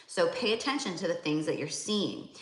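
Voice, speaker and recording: Low bright lady rambling about spirit stuff, lots of ums and likes, roomy echo. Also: expressive, normal speed. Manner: rambling, many fillers and restarts. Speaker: psychic medium tarot reader. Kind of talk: casual spiritual talk to viewers.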